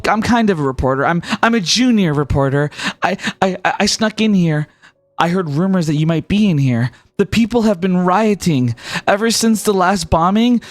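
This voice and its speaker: A man voicing an excitable young female junior reporter who stammers and gushes. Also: sits high, no echo, pitched above the performer's own voice. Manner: stammering, gushing.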